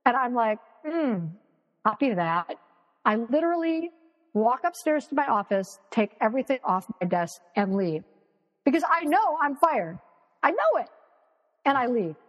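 A woman with a slightly high voice, speaking at normal speed, is a guest on a video call sharing stories in a casual interview. She's animated, imitates the people she quotes, and swears freely. The dull audio has a big-room sound.

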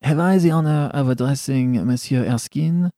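A man's voice: mid-range voice, moderate pace, mellow, dry recording, clean studio sound, voice pushed up, close to an everyday voice. A man doing a courtly old Frenchman. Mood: courteous. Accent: put-on French. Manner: courteous, formal. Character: polite old gentleman with French accent.

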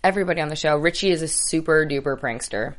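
A young actress chatting casually as an interview guest, laughing often and acting out quoted lines. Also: female voice, low voice, quick pace.

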